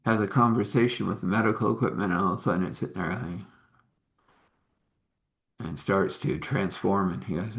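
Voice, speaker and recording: Gravelly man spinning a rambling tale. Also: deep voice, brisk, pauses often, a bit bright. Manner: rambling, chuckling often, slipping into character voices. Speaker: storyteller. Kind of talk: improvised sci-fi storytelling.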